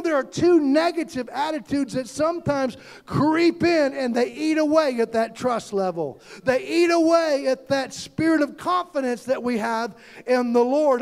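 Fervent preacher, very high voice, calls out to the congregation. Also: male voice. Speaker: pastor. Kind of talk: sermon.

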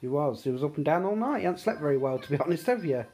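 A man's voice: fairly high pitch, expressive, very fast, a little mellow. A British man vlogging casually at home on a handheld phone, rambling with lots of fillers and restarts. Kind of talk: casual daily vlog chat. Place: at home, indoors.

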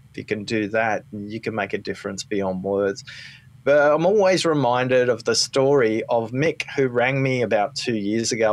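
An Australian man spinning a story as a podcast guest. He acts out the other people's lines as he goes, and the whole thing stays animated and conversational. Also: mid-range voice. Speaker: guest, listening expert.

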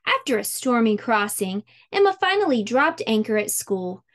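Animated woman reading to kids. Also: on the high side, normal speed. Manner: chatty step-by-step instructions, animated storytelling. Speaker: teacher hosting a kids' summer camp channel. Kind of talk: craft lesson and picture-book read-aloud.

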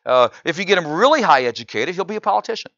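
A pastor preaching a sermon in church, often asking the congregation "right?" and building to loud, incredulous exclamations. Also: male voice, fairly high pitch, very fast, dry recording, muffled recording. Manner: animated preaching, frequent "right?" asides to the congregation.

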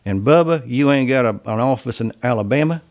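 A man's voice: mid-range voice, expressive, fairly quick, darkish tone, lightly acted. A man doing a scornful Southern buyer. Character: gruff Southern male buyer, scornful of Northerners.

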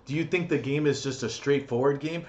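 A young gaming vlogger with a mid-range voice rants brashly and at a brisk pace from his bedroom, swearing nonstop in a crude, mocking, comedic style. The high frequencies of the recording are cut off.

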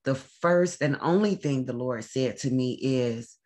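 A woman hosting a faith-based talk to camera, speaking earnestly and haltingly, often pausing with "um" as she holds back tears. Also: rumbling low, mellow. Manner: earnest, emotional, halting with frequent ums. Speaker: show host.

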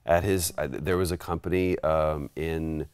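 A man telling a rambling, animated story in casual chat while playing a retro game in a studio. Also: rumbling low, measured pace, clean tone, no echo. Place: studio, sitting at a game console.

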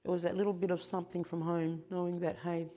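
An older Australian woman quietly recalling her past in a documentary interview, halting and reflective. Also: on the low side, little pitch movement, slight background noise.

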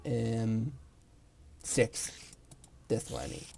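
A young man giving casual let's play commentary while gaming, excitable, swearing and gasping. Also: on the low side, extremely slow, vocal fry, a little hiss or hum. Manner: excitable, swears, gasps and sings jokingly. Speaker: gamer.

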